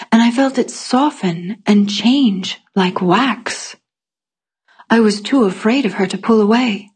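A woman narrating a first-person fantasy story in a calm, measured storytelling manner. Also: medium pitch, husky. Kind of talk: scripted fiction narration.

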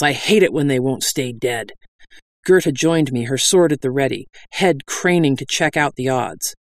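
A man's voice: medium pitch, normal speed, dry recording. A man reading a fantasy story aloud as narrator, wry and dry-humored.

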